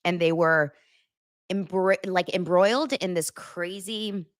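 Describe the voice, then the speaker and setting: A chatty woman hosts a casual pop-culture podcast, her voice sitting low. She gossips freely and laughs along as she talks. The sound is close and dry. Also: slow pace, no echo. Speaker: podcast host.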